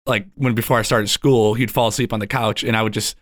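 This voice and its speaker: A man's voice: lowish voice, steady tone, quick pace, dry recording. Laid back podcast guy, wry jokes and lots of laughs, dry sound. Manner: easygoing, laughs often, wry. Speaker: podcast co-host. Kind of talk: casual movie podcast banter.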